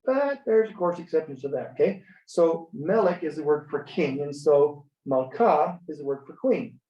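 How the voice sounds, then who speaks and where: A man's voice: on the high side, animated, normal speed. A man teaching a beginner language class, chatty and tossing "okay?" after each point, having students repeat after him. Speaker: Hebrew teacher. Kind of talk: classroom lecture. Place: church classroom. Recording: roomy, distant, dull lo-fi sound.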